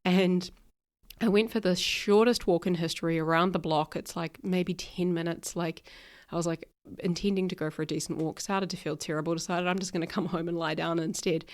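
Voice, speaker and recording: Woman podcast coach, lowish voice, chatty and direct, a little worn from illness. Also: fairly even intonation, brisk. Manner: chatty, direct, laughs at herself. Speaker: podcast host, ADHD coach. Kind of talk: casual solo podcast talk.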